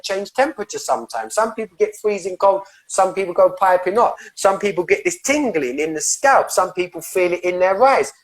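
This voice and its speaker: Fired-up man, swearing soul coach. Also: high-pitched. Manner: passionate and emphatic, swears freely; rambling, with restarts and repeated words. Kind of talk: podcast conversation about breathwork.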